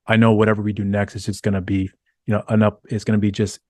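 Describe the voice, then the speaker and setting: A man's voice: on the low side, level tone, fast, darkish tone, no echo, clean studio sound. A male interviewer asking long, rambling questions in a casual conversation.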